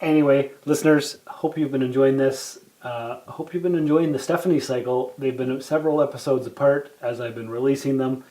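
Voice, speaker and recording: A man's voice: medium pitch, fairly even intonation, brisk, few pauses, warm tone, roomy sound, rough recording. A man hosting a podcast, chatting casually over drinks and rambling a little as he repeats himself. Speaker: podcast host.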